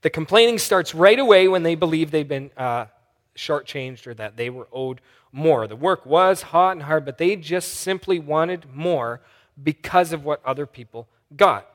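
A male pastor preaches in a big hall, and the long reverb trails after his words. His voice sits a little high as he tells the story with animation and acts out each person in it. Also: expressive, normal speed. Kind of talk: sermon.

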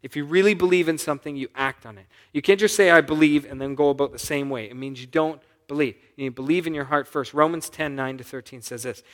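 Brief: male pastor with a fairly high voice, preaching from scripture, quiet one moment and pressing loudly the next. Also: steady tone, fast talker, few pauses. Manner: swings from soft asides to loud urgent appeals; reads scripture and voices the characters' lines. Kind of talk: sermon.

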